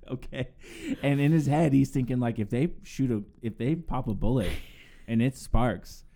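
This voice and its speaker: A man's voice: mid-range voice, a little slow, creaky, long pauses, warm tone. A man co-hosting a podcast, chatting casually and rambling, laughing often and swearing a lot. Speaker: podcast co-host. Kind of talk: casual profane chat.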